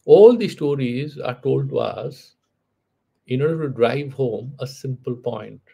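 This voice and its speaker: A man's voice: medium pitch, lively intonation, measured pace, creaky, dark tone, slightly rough. A man giving a lecture on spiritual philosophy, telling a story in a conversational way, with frequent "you know" asides and restarts. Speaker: spiritual teacher.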